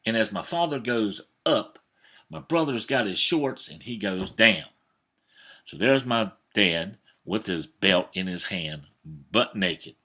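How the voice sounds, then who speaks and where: A man in his fifties tells a story in a folksy, hesitant way. His low, husky voice rises and falls a lot, with a bright, forward edge. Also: animated, takes it slowly. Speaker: vlogger. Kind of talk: storytelling monologue.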